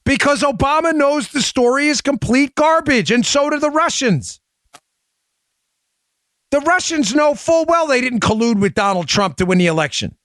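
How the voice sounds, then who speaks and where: A man hosting a talk show, speaking rapidly and emphatically and addressing listeners directly on a close studio mic. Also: very high-pitched, animated, fairly bright tone, no echo. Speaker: show host. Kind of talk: opinion talk show monologue.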